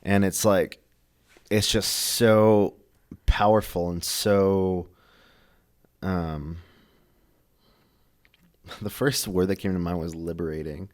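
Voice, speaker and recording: A young man co-hosting a church podcast, talking in a casual, halting way full of fillers and restarts. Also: low voice, steady tone. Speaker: podcast co-host. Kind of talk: casual faith discussion.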